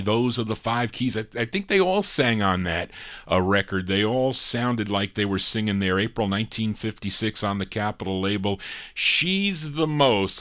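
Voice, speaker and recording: A man with a somewhat low voice hosts a music radio show. He chats about old records in a relaxed, conversational way and drops in small fillers as he goes. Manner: easygoing, chatty, with small fillers. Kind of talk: casual music radio patter.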